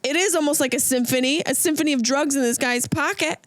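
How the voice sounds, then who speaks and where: A woman's voice: sits high, fast talker, dry recording. Riffing woman comic, dry close sound. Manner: riffing, slips into silly voices. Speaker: comedian and podcast host. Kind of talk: comedic monologue.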